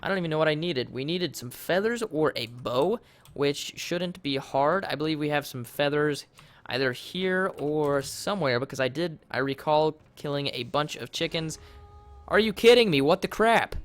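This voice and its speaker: A young man casually commenting on his game during a livestream, rambling and easily flustered, and often breaking into loud, panicked yelling. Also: on the high side, normal speed. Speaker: livestreamer playing a modded block game.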